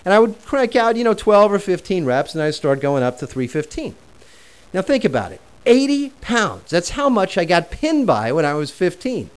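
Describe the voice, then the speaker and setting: A man's voice: sits high, very animated, moderate pace, clean tone. A man in his forties telling a personal story in a conversational way while teaching a self-help lesson. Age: 40s.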